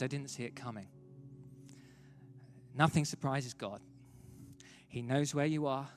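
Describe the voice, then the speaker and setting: A pastor, preaching a sermon in a dramatic storytelling way, swinging from loud to hushed. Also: male voice, on the high side. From London, England. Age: 30s. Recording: reverberant hall, faint music.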